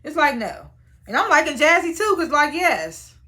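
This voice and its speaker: Young woman with a high bright voice, blunt and cussing, recapping reality tv. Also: moderate pace. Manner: animated, blunt and profane, acts out quotes. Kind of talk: casual recap commentary.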